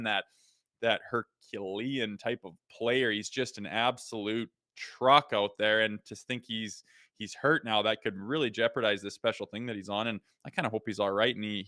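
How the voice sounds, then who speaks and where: On a laid-back hockey podcast, a Canadian ex-player in his thirties spins animated stories, voicing other people's quotes as he goes. His voice is on the low side, and the studio recording has no echo.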